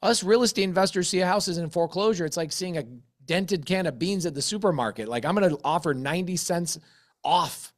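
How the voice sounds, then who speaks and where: Animated, blunt man telling a deal story. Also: high-pitched, a little fast. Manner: animated, acts out both sides of a conversation, blunt and profane. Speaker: real estate investor sharing a deal story. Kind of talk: casual storytelling talk.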